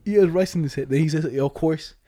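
A young man with a slightly high, mellow voice tells stories to a friend in loose slang. He laughs through the talk and keeps it casual. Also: quick pace. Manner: slangy storytelling, laughs often. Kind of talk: casual chat between friends.

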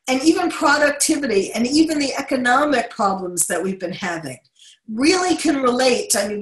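A middle-aged woman with a New York accent, delivering a talk show monologue in a fairly high voice. She speaks earnestly, full of ums and restarts. The room around her sounds echoey. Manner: earnest, with frequent fillers and restarts, occasional laughs. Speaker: host.

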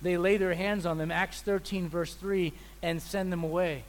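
A man preaching a sermon as pastor, telling animated stories and acting out the people in them. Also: high-pitched, moderate pace. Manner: animated storyteller, acts out people's voices. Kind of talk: sermon with storytelling.

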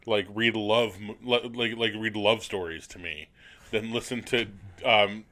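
A man's voice: on the low side, fairly even intonation, a little slow, bright, forceful tone. A man co-hosting a podcast, giving opinions in rambling casual chat. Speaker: podcast co-host.

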